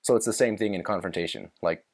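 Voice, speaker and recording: A young man with a lowish voice hosts a podcast in loose, casual chat. He rambles, swears freely and restarts his sentences as he talks things through. He also retells scenes from movies in his own words. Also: fast talker, gravelly. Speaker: podcast host.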